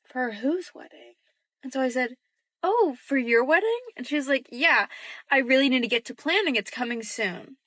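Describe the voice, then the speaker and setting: A young woman casually telling a story about her roommate, quietly acting out the dialogue. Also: sits high, expressive, moderate pace, no echo. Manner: chatty, acts out quoted dialogue in a hushed voice.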